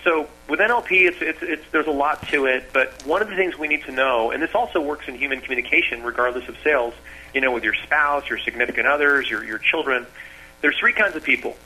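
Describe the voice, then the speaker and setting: A man's voice: mid-range voice, fairly quick, rough recording. A man, a sales trainer, explaining with energy as a radio guest and acting out bits of sales talk. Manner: animated, acts out sales dialogues.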